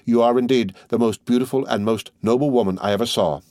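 A man's voice: mid-range voice, quick pace, a little mellow, no echo, studio quality, natural voice. A man reading as an earnest young son. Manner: earnest, resolute, reassuring.

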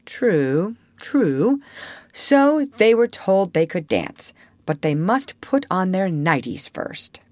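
A woman with a low voice narrating a storybook, expressive and gently wry. Her pitch moves lively through each sentence, and the recording is close and dry. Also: slow pace, no echo. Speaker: audiobook narrator.

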